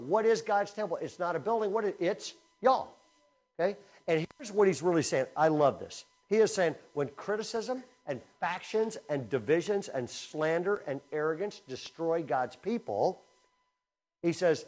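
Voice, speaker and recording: A man preaching a sermon in a conversational style, energetic and swinging between loud emphasis and quiet asides. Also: sits high, normal speed. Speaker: speaker at a camp teaching session.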